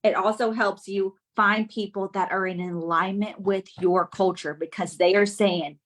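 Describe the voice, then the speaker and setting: A woman giving a lively business coaching talk on a live stream, often checking in with her audience. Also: mid-range voice, measured pace. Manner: energetic, keeps checking in with the audience.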